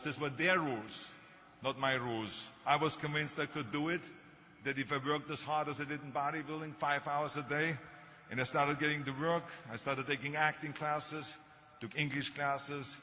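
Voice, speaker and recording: An older man with a heavy Austrian German accent delivers a motivational speech, telling stories laced with dry humor. His voice sits on the high side, pushed and bright. The hall recording is muffled, with a little hiss or hum.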